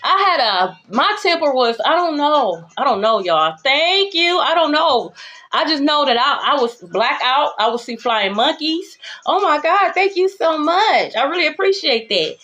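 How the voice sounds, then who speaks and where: A woman giving a spiritual tarot reading to her viewers, blunt and profane, swinging between calm reassurance and heated calling-out. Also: high voice, unhurried, lo-fi sound. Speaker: tarot reader. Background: background music.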